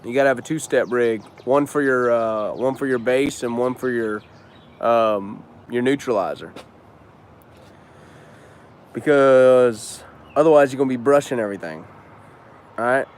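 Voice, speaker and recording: Brief: a man host, slangy and loose, swearing casually, mid-pitch voice, faint street noise behind him. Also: unhurried, long pauses. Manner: loose, slangy, cusses freely. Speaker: business owner and trainer hosting a live stream. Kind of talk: casual live-stream chat answering viewers.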